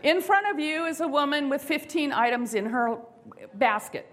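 A woman giving a sermon-style talk, expressive and acting out inner voices, slowing down for emphasis. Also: high-pitched, noisy background. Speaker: speaker.

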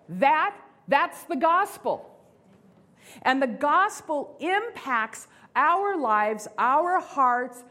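A woman giving a sermon-style talk, expressive and acting out inner voices, slowing down for emphasis. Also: sits high. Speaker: speaker.

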